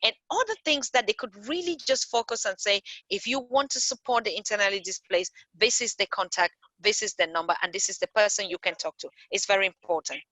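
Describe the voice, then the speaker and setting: A woman's voice: mid-range voice, brisk, hardly any pauses, bright, forceful tone, dry recording, rough recording. A woman speaking as a guest on a talk show, impassioned and rising in bursts. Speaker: panel guest. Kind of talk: passionate discussion.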